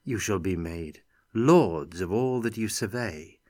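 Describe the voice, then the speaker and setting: A man voicing a shrewd female envoy who speaks smoothly and placatingly, with an edge of threat. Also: deep voice, animated, takes it slowly, a little mellow. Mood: diplomatic.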